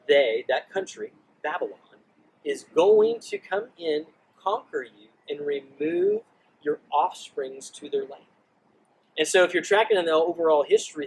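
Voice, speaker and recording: Guy telling a bible story, lively, bit high voice, faint hiss behind. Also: poor audio. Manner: animated storyteller acting out quotes. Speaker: youth ministry teacher. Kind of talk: casual Bible teaching.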